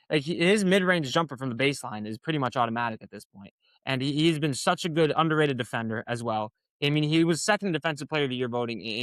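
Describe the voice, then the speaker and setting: A man's voice: fairly high pitch, a bit bright, dry recording. A man hosting a sports podcast, rambling passionately in casual commentary with frequent swearing and filler words. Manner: passionate, rambling, profane, lots of "like".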